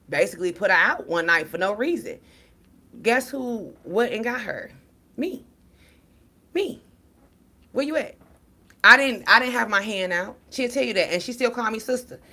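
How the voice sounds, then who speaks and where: A woman giving a casual livestream talk as a spiritual reader, blunt and profane, preaching to her viewers. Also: fairly low pitch. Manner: animated storytelling to viewers.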